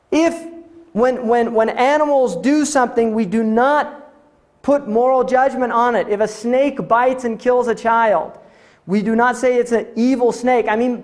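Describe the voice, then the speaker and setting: A man's voice: very high voice, darkish tone. A man lecturing on religion to an audience, explaining ideas step by step, reciting scripture passages and posing rhetorical questions in a conversational tone. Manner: explanatory, defines terms and recites scripture in between.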